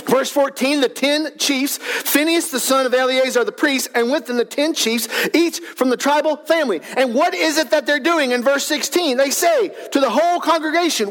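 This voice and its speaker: A pastor preaching a sermon in a church, animated, his voice swelling to shouts for emphasis. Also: very high-pitched, moderate pace, few pauses. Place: church sanctuary.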